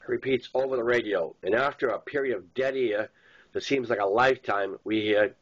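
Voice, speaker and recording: A man reading his own novel aloud in first person, with plain, steady storytelling. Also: on the low side, brisk, highs cut off. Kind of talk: first-person audiobook narration.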